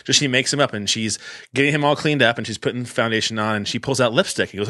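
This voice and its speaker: A man's voice: medium pitch, fast, no room sound, clean studio sound. A middle-aged man, co-hosting a podcast and telling a story animatedly in casual chat. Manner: animated storyteller acting out scenes. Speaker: podcast co-host.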